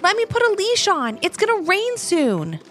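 A woman voicing an excited, eager young boy in a children's story. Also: very high-pitched, moderate pace, soft background music, pitched above the performer's own voice, full character voice.

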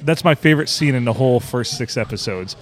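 A man's voice: mid-range voice, animated, quick pace. A man with a Midwestern American accent co-hosting a podcast, riffing on wordplay and quoting favorite lines in casual chat. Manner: jokey, riffs on wordplay and quotes. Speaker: podcast co-host.

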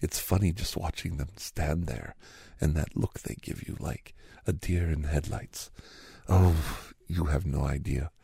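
A man doing a satirical character monologue in a sarcastic, mock-cheerful, rambling way with hushed asides. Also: rumbling low, a little slow, gravelly, slightly rough, no room sound.

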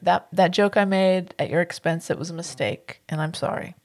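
A woman co-hosting a podcast in casual chat, giggly and animated. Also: fairly low pitch, moderate pace. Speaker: podcast co-host.

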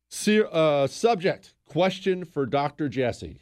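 A man's voice: on the high side, a little slow, few pauses. A man hosting a talk show, ranting sarcastically and with emphasis. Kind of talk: opinionated radio talk.

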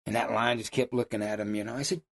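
An older man, telling hunting stories in a folksy, animated way. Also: lowish voice, fast talker. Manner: folksy, animated storyteller who laughs at his own stories. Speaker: lion hunting guide. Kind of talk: casual storytelling.

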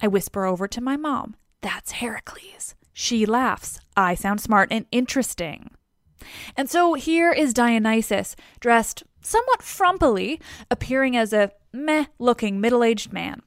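A woman's voice: fairly high pitch, lively intonation, measured pace, no echo, clean studio sound. A woman retelling a story in a chatty, casual way with wry asides.

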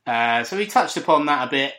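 A man's voice: medium pitch, expressive, a little fast, bright, forceful tone. A man co-hosting a podcast in casual chat, teasing and chatty, often stumbling over his words. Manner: chatty, teasing, hesitant restarts. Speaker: podcast co-host.

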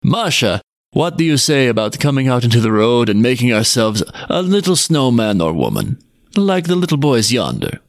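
A man's voice: medium pitch, big pitch swings, moderate pace, no echo, clean studio sound. A man voicing an old peasant husband in a storybook reading, lifting his voice as he exclaims. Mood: playful. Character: old peasant husband, cheerful then awed.

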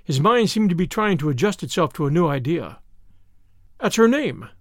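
A man narrating a novel in an expressive, animated reading. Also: a little high, a little fast, no echo, clean studio sound. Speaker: audiobook narrator. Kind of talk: scripted narration.

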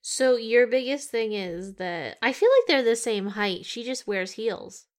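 Wry deadpan woman co-hosting a podcast. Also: on the high side, a little slow. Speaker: podcast co-host. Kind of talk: casual podcast chat.

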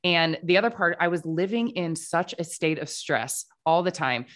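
A woman with a fairly low, expressive voice and fairly bright tone speaks at a moderate pace as a podcast guest. Chatting casually about her own experiences, she uses lots of "like" fillers and acts out quoted dialogue.

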